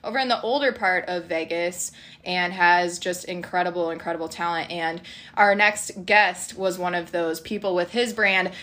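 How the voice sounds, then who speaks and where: A woman hosts a casual podcast with bubbly enthusiasm. Her voice is bright, and she giggles as she introduces her guest. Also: on the low side, normal speed. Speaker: podcast host.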